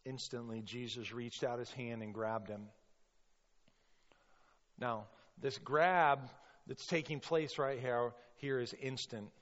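A male pastor delivers a passionate sermon, swinging from quiet storytelling to loud acted-out outbursts. His voice carries a long, hall-like reverb. The sound is a little dull and muffled. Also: mid-range voice, fairly even intonation, slow pace. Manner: impassioned, acts out quotes with sudden loud bursts.

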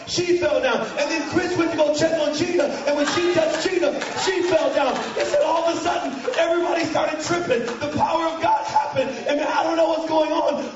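A man preaching a storytelling sermon in a large church hall, animated and often breaking into shouting and snatches of song. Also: extremely high pitch. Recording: echoey hall from far off, dull sound.

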